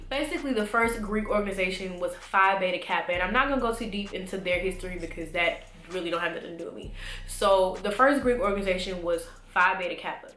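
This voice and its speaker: A woman's voice: medium pitch, a bit bright. Congested young woman chatting, echoey room. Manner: chatty, rambling, many fillers. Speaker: vlogger. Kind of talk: casual talk to camera. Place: home room.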